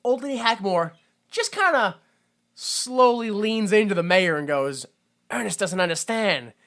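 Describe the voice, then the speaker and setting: A young man co-hosting a casual podcast, animatedly recapping a movie scene by scene and breaking into loud, mock-confused outbursts. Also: high-pitched, sing-song, a little slow. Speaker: podcast co-host.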